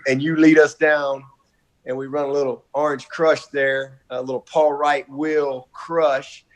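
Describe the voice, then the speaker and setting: Effusive coach on a video call. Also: male voice, a little high, level tone, a little slow. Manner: warm, effusive, repetitive, folksy. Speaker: college football coach. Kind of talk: heartfelt video-call tribute.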